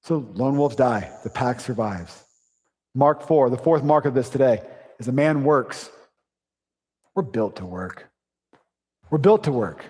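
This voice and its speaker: A man preaching a sermon in a church, in a conversational, punchy style with quick asides and sarcasm. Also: mid-range voice, warm tone, big-room sound. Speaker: pastor. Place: church sanctuary.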